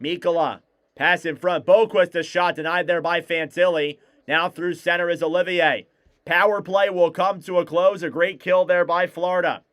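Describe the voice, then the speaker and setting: A man with a smooth, clear voice that sits a little high for a man delivers live hockey play-by-play. He fires off rapid, clipped calls and lifts his voice whenever a shot goes in. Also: fairly bright tone. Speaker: play-by-play commentator.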